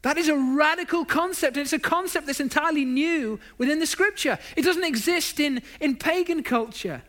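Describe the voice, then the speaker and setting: A man's voice: very high voice, moderate pace, sharp tone. A man preaching a sermon, stacking up emphatic lists of phrases and dropping in self-deprecating asides.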